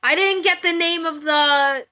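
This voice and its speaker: A woman player in a casual tabletop game, excitable and freely swearing. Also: very high voice, a little slow, poor audio.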